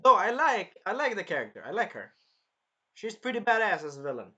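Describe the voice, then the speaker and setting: A man's voice: sits high, big pitch swings, brisk, pushed and bright, slightly rough, dull audio. A man giving a casual episode review, rambling, repeating himself and swearing. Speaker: show reviewer.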